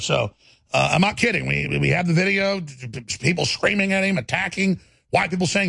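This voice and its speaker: A middle-aged man rants through a talk show, his voice gravelly and husky, sitting fairly high for a man. The sound is close and dry, with no room around it. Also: fast talker, fairly bright tone, dry recording. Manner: ranting, swings between growls and high mocking voices. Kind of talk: ranting political talk show.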